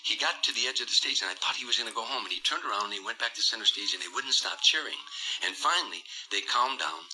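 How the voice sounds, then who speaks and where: A man telling a long anecdote in an interview clip, animated and voicing the people in his story. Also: medium pitch, fast talker, poor audio. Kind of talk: recounted anecdote.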